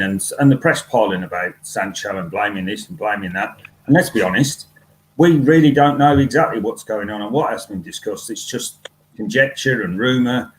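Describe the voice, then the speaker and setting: A low-voiced man speaks on a fan podcast panel, blunt and wry, stopping often for "um" as he talks. A faint noise hums under his voice. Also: poor audio. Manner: blunt, wry, with many fillers.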